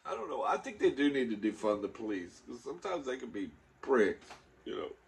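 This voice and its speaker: A mukbang vlogger tells a story flamboyantly on a phone camera, calling the listener "girl" and acting out the other people involved. His mid-range voice is sing-song, creaky, and fairly quick.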